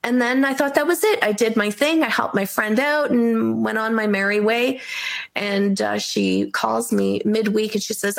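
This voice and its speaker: Earnest middle-aged woman, gravelly edge. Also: a little high, steady tone, normal speed. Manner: earnest, rambling with many fillers and restarts. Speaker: medium, podcast guest. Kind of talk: casual interview talk.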